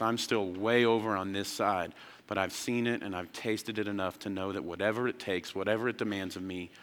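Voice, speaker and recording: A pastor in his thirties preaches a sermon in a large hall, telling a personal story. His somewhat low voice swings from excited emphasis down to quiet, hushed lines.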